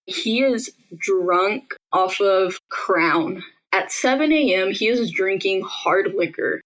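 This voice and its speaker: A woman's voice: mid-range voice, expressive, takes it slowly, fairly bright tone, rough recording. A young woman, a podcast interviewee, recounts her own experience in a casual, conversational way, often saying "like". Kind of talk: personal storytelling in an interview.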